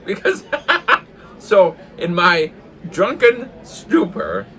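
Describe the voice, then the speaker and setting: An older man telling a funny story in a casual way, laughing hard often and acting out the shouted lines himself. He talks in a pub. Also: sits high, huge pitch swings, drawn-out words, faint music behind.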